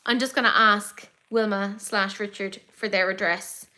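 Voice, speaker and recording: An Irish woman hosting a casual beauty livestream, chatty and excitable, gasping and swearing as she reads comments. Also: medium pitch, a little slow. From Ireland. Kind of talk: casual chat reading live comments.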